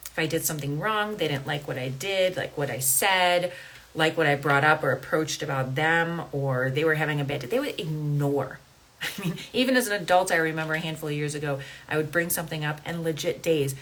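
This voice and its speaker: A woman's voice: low voice, fairly bright tone, slightly rough, low-quality recording. A woman in her thirties hosting a coaching podcast, talking earnestly and conversationally and checking in with "right?" and "okay?". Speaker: life coach and podcast host. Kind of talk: casual podcast monologue.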